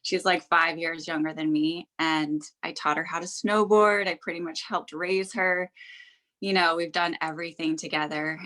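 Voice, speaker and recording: A woman's voice: deep voice, fairly bright tone. Teary young woman sharing her story. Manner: heartfelt and effusive, with laughs and fillers. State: teary, on the verge of tears. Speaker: guest sharing a business success story. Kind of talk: casual emotional testimony.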